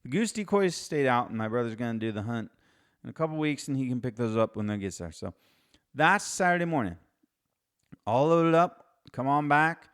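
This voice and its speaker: A middle-aged man with a smooth, resonant voice, pitched in the ordinary middle range for a man. He tells a story casually as a podcast host. He wanders, restarts his sentences and drops dry asides. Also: expressive, normal speed, fairly bright tone.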